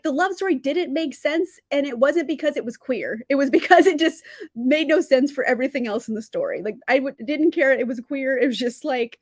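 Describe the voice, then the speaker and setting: The host of a book channel, a young woman, is indoors at home with a mug, doing a casual live-stream review. She laughs often, curses without restraint, and rants in exasperation, her high-pitched voice recorded with clean studio sound and no echo.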